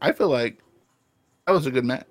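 A man co-hosting a casual wrestling review podcast, rambling excitedly, swearing freely and often clearing his throat. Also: medium pitch, moderate pace. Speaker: podcast co-host.

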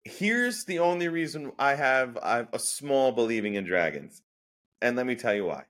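A man's voice: mid-range voice, moderate pace. A man co-hosting a sports podcast, ranting goofily and swearing casually. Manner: animated, swears, goofy rants. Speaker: podcast co-host.

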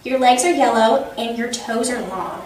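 Woman voicing a bossy teasing big-sister girl for a storybook read-aloud; slightly high, distant roomy sound. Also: normal speed, a little mellow, a little hiss or hum, lightly acted. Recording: echoey room, distant mic.

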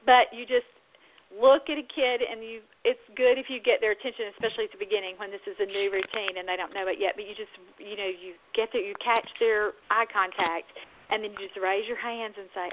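Southern-accented woman host, chatty and upbeat, middle pitch, heard over a thin phone-like line. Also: steady tone, fairly quick, a little hiss or hum. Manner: chatty, enthusiastic, frequent restarts. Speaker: podcast host, speech-language pathologist. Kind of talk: casual professional chat.

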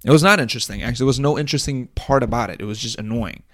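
A man's voice: mid-range voice, very fast, a bit bright, no room sound, studio quality. A young man hosting a solo podcast, rambling and crude, laughing at his own jokes. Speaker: podcast host. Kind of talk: casual solo podcast rant.

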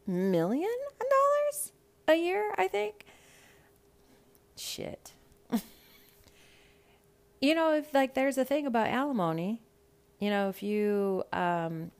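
A young woman hosting a casual reality TV recap, blunt, profane and animated. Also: fairly low pitch. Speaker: podcast host.

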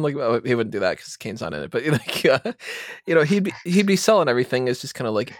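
A man's voice: mid-range voice, expressive, brisk, no echo, clean studio sound. A man co-hosting a casual podcast chat, talking animatedly and often mimicking other commentators' voices. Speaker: podcast co-host.

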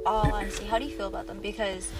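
A woman's voice: mid-range voice, level tone, rapid-fire, music in the background. A young woman guest on a podcast, telling stories in laid-back slangy chat. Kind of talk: casual chat.

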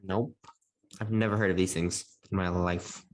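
A person chatting casually with a friend, excitable and given to dramatic exclamations. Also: deep voice, normal speed, slight background noise. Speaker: friend in a chat. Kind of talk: casual chat.

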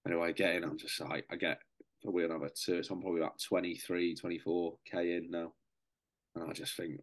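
A young man with a very deep voice tells a story on a podcast. He is casual and matey, calls people "mate", and swears freely as he goes. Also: level tone, fast. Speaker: podcast guest, serving soldier.

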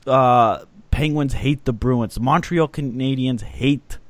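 A man's voice: mid-range voice, slow, no room sound. A man hosting a casual sports podcast, giving opinions with long lists of examples. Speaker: podcast host.

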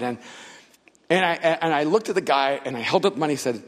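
A man preaching a sermon, telling stories with acted-out dialogue and building to loud, fervent passages. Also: on the high side, animated, fast. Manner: storytelling with acted-out dialogue, rising to shouts. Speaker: pastor. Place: large church hall. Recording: long hall reverb.

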